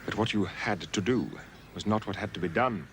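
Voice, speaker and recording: An actor as a stern lecturing revolutionary. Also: male voice, fairly low pitch, a little fast, background noise, natural voice. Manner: forceful, lecturing rhetoric. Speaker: revolutionary leader in a film. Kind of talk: historical film acting.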